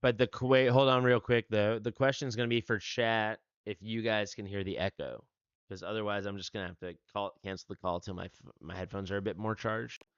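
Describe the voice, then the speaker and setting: A low-voiced man hosts a relaxed gaming livestream, laughing easily and joking with his chat. His headset audio sounds dry and somewhat dull, like lo-fi stream sound. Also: fairly quick, clean tone, no echo. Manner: laid-back, laughs often, talks to chat. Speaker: livestream host.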